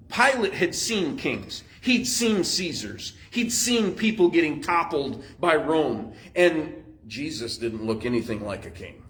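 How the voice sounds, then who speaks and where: Preacher guy explaining scripture, chatty, lots of uh's, a bit high-voiced. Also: expressive, measured pace, fairly bright tone, poor audio. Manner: conversational, explanatory, with frequent "uh" fillers. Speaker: pastor. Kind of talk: Bible study teaching.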